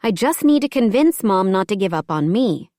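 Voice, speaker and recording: A woman's voice: mid-range voice, very animated, moderate pace, mellow, no echo, studio quality, pitched above the performer's own voice, lightly acted. A woman doing a bubbly, teasing young woman friend.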